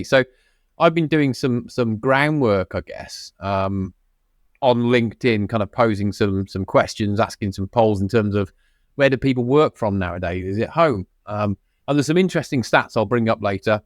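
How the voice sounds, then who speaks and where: A man's voice: mid-range voice, dry recording, studio quality. A man co-hosting a podcast in casual chat, talking loosely with frequent ums, restarts and laughter. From United Kingdom. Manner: chatty, laughing often, many restarts and ums. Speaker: podcast co-host.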